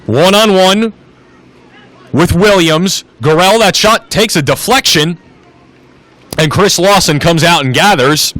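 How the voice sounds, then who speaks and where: A man's voice: sits high, slow, pauses often, fairly bright tone. A man doing play-by-play commentary on a live soccer match, switching between calling the action and chatting with his partner.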